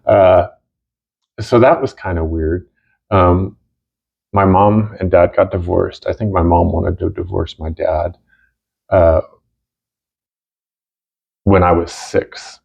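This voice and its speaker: Gravelly low-voiced middle-aged man, heartfelt. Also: fairly even intonation. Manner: halting and heartfelt, many fillers and restarts. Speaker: co-host. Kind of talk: casual chat. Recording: dull lo-fi recording.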